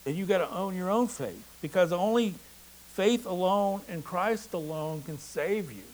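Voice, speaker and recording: A man's voice: high-pitched, expressive, a little slow, poor audio. A man preaching a sermon in an earnest, emphatic way, with a touch of humor. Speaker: pastor.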